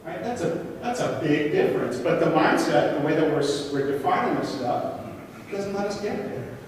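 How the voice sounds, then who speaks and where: Male conference speaker, high-ish voice, far from the mic in a reverberant hall, engaging and full of questions. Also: normal speed, slight background noise. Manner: questions the audience, rhetorical and animated. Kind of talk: interactive conference presentation. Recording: echoey hall, recorded from afar.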